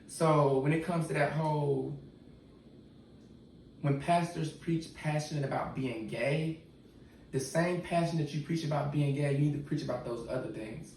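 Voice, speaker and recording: A man speaks frankly in relaxed, slangy talk as a podcast guest. He sits well away from the mic in a very echoey room. A faint hiss of noise runs under the voice. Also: on the high side, moderate pace, distant mic. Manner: candid, talks in casual slang. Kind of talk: casual podcast conversation.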